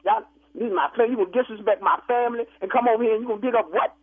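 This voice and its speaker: A man with a husky, high voice answers in quick, exasperated bursts over a thin phone line. He keeps insisting on calm while defending himself. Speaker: funeral home worker. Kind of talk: comedic phone argument.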